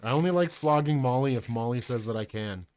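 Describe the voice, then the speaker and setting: A man's voice: medium pitch, fairly quick, a little mellow, dry recording. A man streaming live as he paints miniatures, rambling casually, mocking himself and swearing freely into a close desk mic.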